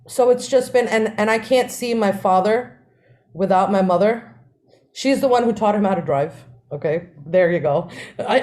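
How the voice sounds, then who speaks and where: A woman, co-hosting a podcast and telling family stories in a lively way, often laughing. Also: medium pitch. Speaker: podcast co-host. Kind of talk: casual storytelling.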